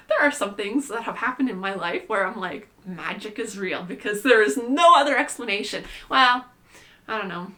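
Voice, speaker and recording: Bright-voiced young woman rambling casually. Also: medium pitch. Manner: chatty, says "like" constantly, playful and irreverent. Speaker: vlogger.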